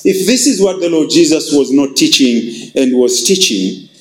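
A man preaching a sermon as pastor, emphatic and repetitive, with wide swings in pitch for emphasis. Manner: emphatic, repeats phrases, shifts pitch widely for emphasis. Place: church. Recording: echoey church hall.

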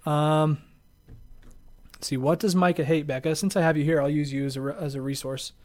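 A man's voice: on the high side, fairly even intonation, brisk, a little mellow. A man hosting a sports podcast in casual chat, rambling and laughing often. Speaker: podcast host.

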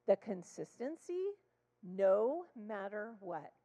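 Woman telling a story, gravelly voice in a big hall. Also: medium pitch, moderate pace. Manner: animated, acts out dialogue. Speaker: child therapist sharing testimony. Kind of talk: storytelling sermon. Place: church sanctuary. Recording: long hall reverb.

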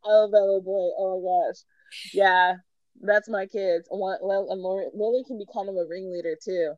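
A woman co-hosting a casual chat podcast, telling animated stories about her kids, laughing often and acting out their voices. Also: medium pitch, normal speed, no echo, dull audio. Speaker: podcast co-host.

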